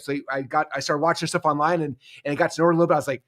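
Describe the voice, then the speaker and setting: A male host in his forties talks up an event in quick, bubbly, casual bursts. His voice sits high for a man and he keeps dropping in fillers as he goes. The pace rarely lets up. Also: steady tone. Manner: upbeat, fast, filler-heavy casual talk. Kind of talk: enthusiastic event promo chat.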